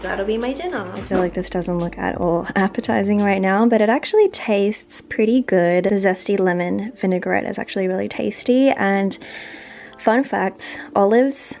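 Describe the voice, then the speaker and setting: A woman's voice: medium pitch, moderate pace, vocal fry, darkish tone. An Australian woman around thirty chatting casually to camera at home in her vlog, full of "like" fillers. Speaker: lifestyle vlogger.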